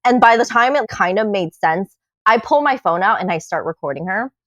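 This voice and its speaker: Animated woman telling a wild story. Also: mid-range voice, brisk, no room sound, muffled recording. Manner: animated, swearing, acts out quotes. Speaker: podcast guest telling her story. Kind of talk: casual storytelling.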